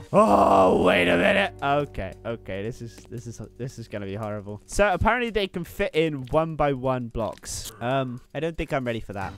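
A man's voice: on the high side, a bit bright. A young man, a gaming YouTuber, giving nervous horror-game commentary, muttering anxiously and bursting into yelps and screams.

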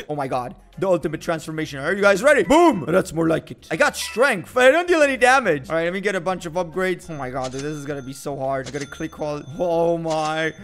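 Young male game commentator, high voice, boastful bursts, hyped delivery. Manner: energetic, boastful, swings between shouting and muttering. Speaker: gaming video host. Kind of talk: excited gameplay commentary.

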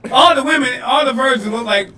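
A man from Detroit, a comedian co-hosting a podcast, riffing loudly and laughing through his punchlines. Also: very high voice, a little fast. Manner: animated, laughing, yelling punchlines. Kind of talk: loose comedic banter. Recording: echoey room, mic at a distance, faint noise.

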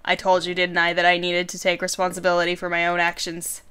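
A woman voicing a remorseful male wizard trapped in a box, reading his lines in a measured, solemn way. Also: fairly low pitch, monotone, bright, forceful tone, clear, resonant tone.

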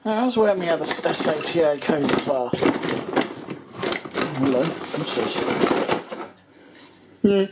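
A man's voice: a little high, lively intonation, slow, long pauses, heavy background noise. Rambling English man muttering to himself. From England. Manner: rambling, muttering to himself, trailing off mid-thought. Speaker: vlogger. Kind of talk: casual running commentary while tidying.

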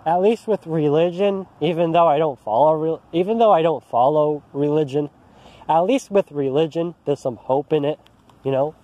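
A man with a slightly high, mellow voice speaks at normal speed as he vents to camera. This vlogger's angry personal rant takes place in an empty park outdoors, and in his agitation and frustration he keeps starting his sentences over.

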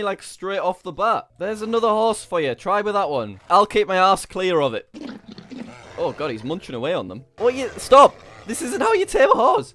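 A young man hosting a gaming commentary, excitable and laughing often. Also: sits high. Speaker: YouTuber host.

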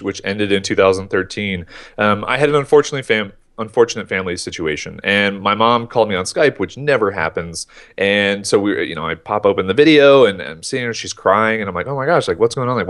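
A man's voice: lowish voice, fairly quick. A man in his thirties, a guest on a podcast, telling his story in casual talk and acting out his own thoughts. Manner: animated storyteller, acts out his own inner voice.

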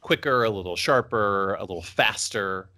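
Man from Texas, low voice, rambling joking podcast co-host. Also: moderate pace, sharp tone. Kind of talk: casual podcast chat.

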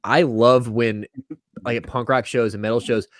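A man's voice: medium pitch, fairly even intonation, normal speed, no room sound, clean studio sound. A young adult man co-hosting a podcast, chatting in laid-back, laughing banter. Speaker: podcast co-host. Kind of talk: casual chat.

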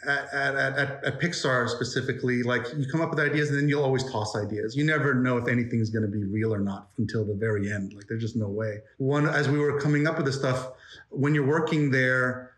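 A man's voice: mid-range voice, fairly even intonation, brisk, a bit bright, roomy sound. A man, a guest animator, chatting casually in an interview, rambling with lots of fillers and restarts. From New York.

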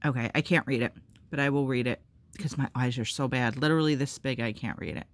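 A woman at home filming fan mail on her phone, chatting casually to the camera, rambling and excitable with self-deprecating humor. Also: a bass voice, quick pace. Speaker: vlogger opening fan mail.

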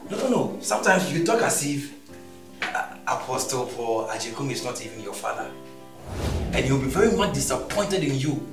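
A man's voice: mid-range voice, sing-song, moderate pace, reverberant, far from the mic, music in the background. A man playing a friend who scolds and urges his troubled pal. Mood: scolding. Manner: scolding, emphatic. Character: blunt friend, lecturing and urging.

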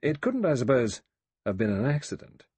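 A man voicing a cool, sharp-tongued adventurer in an audiobook, quick and sardonic. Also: medium pitch, very animated, slightly rough, no echo, pitched above the performer's own voice. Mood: doubtful. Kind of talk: audiobook character voice.

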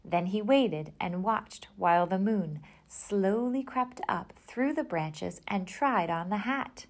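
Woman, children's book reader, slow unhurried pace, gentle storytelling, mid-pitched voice. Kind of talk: reading a picture book aloud.

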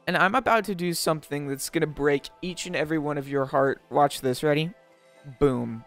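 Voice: mid-range voice, a little fast, a bit bright, faint music behind. A young adult host giving gameplay commentary, jokey and melodramatic, laughing often and breaking into panicked shrieks when startled. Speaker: Minecraft let's-play host.

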